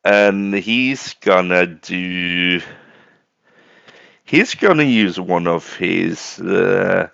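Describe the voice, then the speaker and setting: A laid-back, joking tabletop player with a very low, gravelly voice takes his time over every phrase. The mic sounds dull and dry, with no room around him. The feel is casual and unhurried. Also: lively intonation, a bit bright, dry recording.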